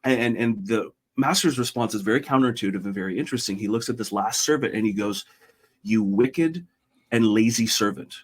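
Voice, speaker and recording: A man's voice: lowish voice, quick pace, few pauses, slightly rough. A middle-aged man, a podcast guest, talking earnestly and retelling a parable in a conversational way. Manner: retells a parable, voicing characters lightly.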